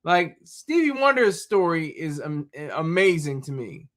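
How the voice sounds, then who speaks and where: Casual male streamer, high voice, bright tone, chatty and laughing. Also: big pitch swings, a little slow. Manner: rambling, laughs often, talks to chat. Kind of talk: casual live-stream chat.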